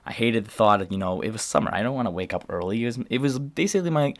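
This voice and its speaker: A man's voice: fairly low pitch, lively intonation, very fast, dry recording. A teenage man from the New York area telling a long personal story to camera in a casual, rambling way, full of fillers and restarts. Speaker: vlogger.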